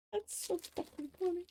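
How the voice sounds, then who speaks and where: A woman with an extremely high yet mellow voice eats and chats casually on a live stream from her home, speaking right up to a desk mic. She laughs often and swears at times, and a faint hiss or hum is audible.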